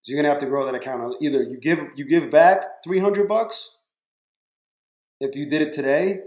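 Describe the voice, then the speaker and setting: This trading streamer broadcasts casually from a room at home with a roomy echo around him. His pitch is fairly high and his tone darkish, at a normal speed. He swears openly and speaks to individual viewers by name.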